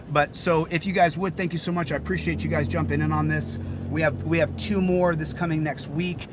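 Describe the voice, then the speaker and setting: Outdoors, hot and sweating, a man hosts a casual livestream for his channel. His voice is on the high side, he chats in a rambling way with many repeated phrases, and there is background noise.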